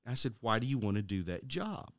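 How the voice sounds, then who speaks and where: A middle-aged man co-hosting a casual Christian podcast, telling a story with halting restarts and acting out the voices of the people in it. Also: medium pitch, very animated, fairly bright tone, dry recording, studio quality. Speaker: podcast co-host.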